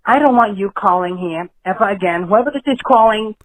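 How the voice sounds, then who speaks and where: A caller voicing a bossy middle-aged mob wife on a voicemail, sharp and scolding. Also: medium pitch, fairly quick, dry recording, natural voice, poor audio. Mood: protective. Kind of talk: voicemail impression.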